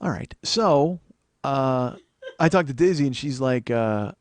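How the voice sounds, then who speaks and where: A man in his forties hosts a comedy podcast, delivering a monologue of long, rambling stories packed with swearing and self-mocking asides. His medium-pitched voice is expressive and unhurried, and the recording is dry.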